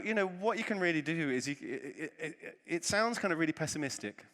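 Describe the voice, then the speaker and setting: A man giving a conference talk, telling a self-deprecating story with lively humor from the stage. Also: a little high, brisk, few pauses. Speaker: conference speaker. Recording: long reverb of a large hall.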